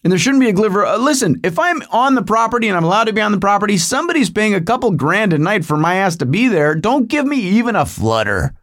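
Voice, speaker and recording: Animated, lively middle-aged man rambling. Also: high-pitched, fast talker, few pauses. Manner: animated, digressive storytelling with asides to the listener. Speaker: podcast host. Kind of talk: rambling comic monologue.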